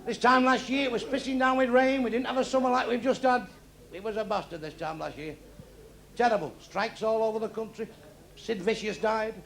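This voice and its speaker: A male stand-up comedian, telling crude jokes bluntly and with deadpan timing. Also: sits high, a little fast, creaky. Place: comedy club with a live audience. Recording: echoey club recording with crowd noise.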